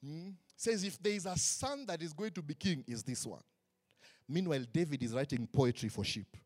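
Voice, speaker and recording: Animated pastor preaching, fairly high voice. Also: male voice, normal speed. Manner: animated, joking, acts out quotes. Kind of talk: sermon. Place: church tent.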